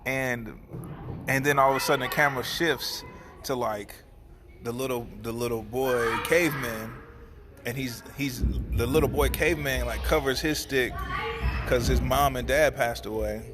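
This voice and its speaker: A man's voice: mid-range voice, normal speed. A man talking in a casual, heartfelt way, rambling with restarts, who then turns to earnest prayer. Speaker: barber and host. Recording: noticeable background noise.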